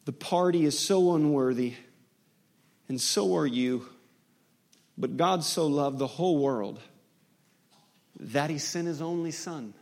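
Impassioned male preacher with a lively voice. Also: fairly high pitch, takes it slowly, pauses often. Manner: impassioned preaching, building to loud climaxes; storytelling with acted-out dialogue. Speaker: pastor. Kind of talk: sermon.

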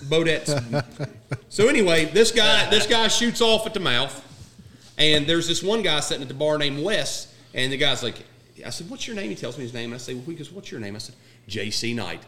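A man casually telling a profane story with friends, acting out the quotes in an animated way. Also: fairly high pitch, moderate pace.

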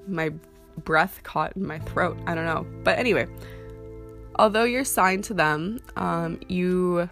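Young woman, low voice, gravelly, chatty, lots of fillers, soft guitar behind. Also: a little slow. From Canada. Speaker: model giving career advice. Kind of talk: casual talking-to-camera advice. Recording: soft guitar music underneath.

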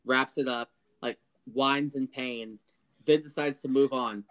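A man co-hosting a podcast, casually recapping a film's plot and acting out lines in quick impressions. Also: mid-range voice, fairly even intonation, fairly bright tone. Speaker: podcast co-host. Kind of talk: casual spoiler review chat.

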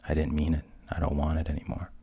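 A man's voice: rumbling low, completely flat delivery, fast, warm tone, husky, heavily acted. A man reading the part of a spoiled young princess in a fairy tale. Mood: pleading.

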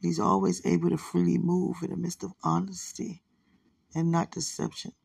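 A woman leaving a soft, rambling, affectionate voice message while lying in bed at night, with her phone held close to her mouth. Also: lowish voice, little pitch movement, moderate pace, gravelly, breathy edge, dry recording. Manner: soft, hushed, rambling and affectionate, often religious. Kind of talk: intimate late-night voice message.

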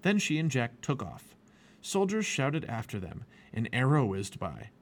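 Expressive man reading a children's book. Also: mid-range voice, a little slow. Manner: expressive storytelling. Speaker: family podcast reader.

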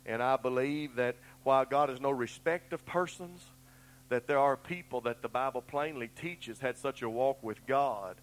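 A man's voice: mid-range voice, poor audio. A middle-aged man, preaching a sermon in a folksy, earnest way and telling down-home stories. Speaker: pastor.

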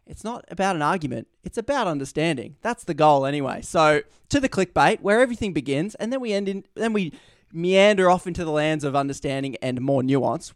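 An Australian man hosting a podcast interview, chatty and quick to laugh. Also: a little high, no room sound, studio quality. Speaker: podcast host. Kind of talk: casual interview chat.

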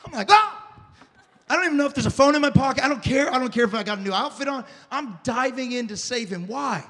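A man in his thirties preaching a sermon, with a high, animated voice that swings between hushed confession and loud shouting. He stumbles, repeats himself, and restarts lines as the story pulls him along. Long reverb from the church hall trails after every phrase. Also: fast talker. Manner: repeats words and restarts often. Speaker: pastor.

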